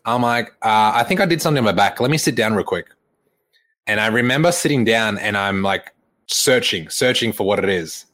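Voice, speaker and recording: A young man, a fitness coach, tells a personal story in a relaxed, chatty way. His voice sits a little low, and he slips into the voices of the people he quotes and breaks into laughter now and then. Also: brisk. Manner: animated retelling, acts out quoted dialogue, laughs often. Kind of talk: casual storytelling.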